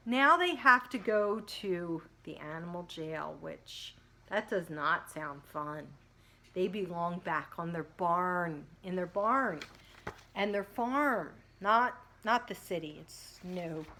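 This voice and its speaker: This woman is a preschool teacher with a lowish voice and a slow pace. She reads picture books to kids with animated, sing-song delivery and stops between pages to talk with them.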